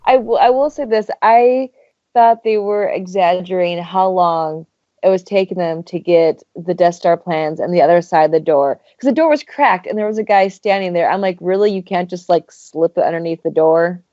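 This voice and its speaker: A woman's voice: fairly low pitch, moderate pace, warm tone, no echo, highs cut off. A woman co-hosting a podcast in casual chat, making wry, skeptical remarks. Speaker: podcast co-host.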